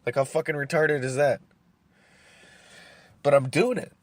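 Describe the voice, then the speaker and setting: In an unhurried, slightly high voice, recorded dry, a man rants alone on his podcast. He rambles and swears, repeats words as he thinks, and smokes and drinks coffee along the way.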